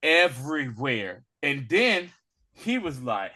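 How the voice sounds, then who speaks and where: A man's voice: medium pitch, takes it slowly. A man co-hosting a casual recap over a video call, retelling scenes energetically in slang and acting out the characters. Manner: animated storyteller, acts out characters, slangy. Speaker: podcast co-host.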